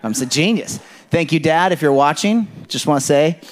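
A Kenyan pastor in his thirties preaches a sermon to his church, his fairly high voice moving with lively intonation at a moderate pace. He tells personal stories loosely and conversationally, rambling through asides and peppering them with "like" and "you know".

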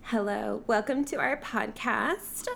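Woman doing a breathy sultry vamp persona, slow and seductive, lightly high. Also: a bit bright, slight background noise, exaggerated voice. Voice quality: breathy, sultry, drawn-out endings.

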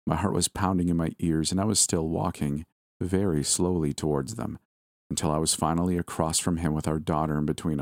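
A man narrating a first-person story in a steady, measured reading. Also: low-pitched, dry recording, clean studio sound.

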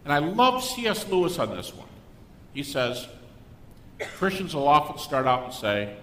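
A man's voice: moderate pace, pauses often. An older man, a guest speaker, giving a Christian apologetics talk to a live audience and acting out the people in his stories. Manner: animated storyteller who acts out quoted people. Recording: echoey hall with faint rumble.

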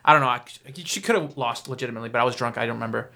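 A man's voice: mid-range voice, very fast, creaky, pushed and bright. A young man, co-hosting a podcast and rambling with curses and self-mockery. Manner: rambling, cursing, self-mocking. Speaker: podcast co-host. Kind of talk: casual banter.

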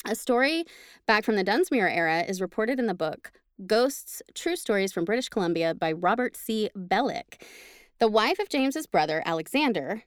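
A woman hosting a podcast, reading a ghost story aloud with chatty asides and slowing down for the spooky parts. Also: mid-range voice, no echo, clean studio sound. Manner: lively, laughs between lines, slows for spooky parts. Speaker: podcast host.

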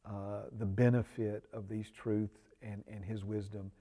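A man's voice: on the low side, flat delivery, unhurried, dark tone. A man teaching a church discipleship class, earnest and full of ums, rising with emphasis when he reads scripture aloud. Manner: frequent ums and uhs; prays aloud.

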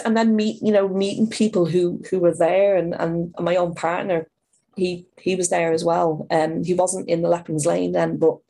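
A middle-aged woman, a writer and performer, talking in an interview in a halting, heartfelt way with many restarts. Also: lowish voice, warm tone. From Ireland. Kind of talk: conversational interview.

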